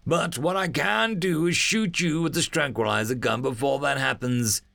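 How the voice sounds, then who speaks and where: Storybook role: a cold soldier making slow, calm threats in a gravelly voice, read by a male narrator. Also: fairly high pitch, no room sound, pitched above the performer's own voice. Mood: menacing. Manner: slow, flat menace.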